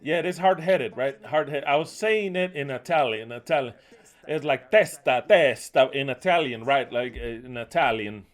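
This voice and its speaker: An angry preacher drives a fiery sermon. He swears freely and raises his voice to curse, speaking at a middle pitch in a plain, unremarkable tone. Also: moderate pace. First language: Spanish. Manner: fiery and profane, cursing loudly. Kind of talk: impassioned sermon.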